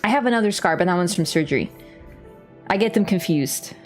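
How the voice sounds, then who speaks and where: A woman's voice: on the low side, a little fast, faint music behind. A woman streamer casually telling a story during a game livestream, laughing and swearing freely. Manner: lively, laughing, swears casually, acts out voices. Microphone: webcam setup.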